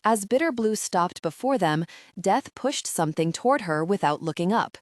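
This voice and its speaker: A woman narrating a fantasy audiobook in a measured, steady reading. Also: mid-range voice, dry recording, clean studio sound.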